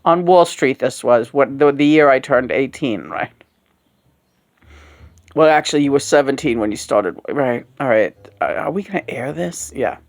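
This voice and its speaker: A woman's voice: extremely low pitch, lively intonation, normal speed, darkish tone. Frank rambling woman in her sixties. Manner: frank, profane, rambling with many fillers. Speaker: host of a puppet show. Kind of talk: casual candid conversation.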